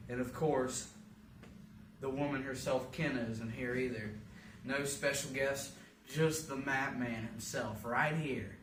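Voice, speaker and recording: A man's voice: medium pitch, background noise. Goofy young man hosting a solo podcast. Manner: goofy, self-mocking and rambling. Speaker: podcast host. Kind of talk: casual solo podcast chat. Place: home basement. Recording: echoey room, mic a bit far.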